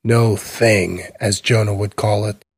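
A man reads a short story aloud in a measured, even delivery. His voice sits on the low side. The sound is close and dry, with no room around it. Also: husky, dry recording. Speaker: narrator. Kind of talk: scripted fiction reading.

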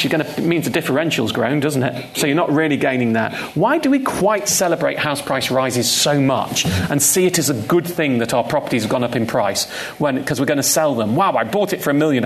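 Gravelly, emphatic man. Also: mid-range voice. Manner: emphatic, repeats key points for stress. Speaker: guest speaker, consumer finance campaigner. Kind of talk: live on-stage conversation.

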